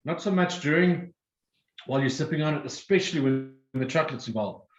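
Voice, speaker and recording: A man's voice: a little high, fairly quick, reverberant, dull audio. Man guiding a whiskey tasting. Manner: informative, explains step by step. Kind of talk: guided tasting talk.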